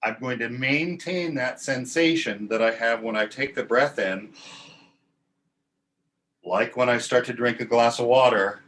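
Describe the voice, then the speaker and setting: A man teaching a choir warm-up, talking through breathing and vowel sounds and demonstrating them in calm, instructive speech. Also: medium pitch, measured pace. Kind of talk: guided vocal warm-up lesson.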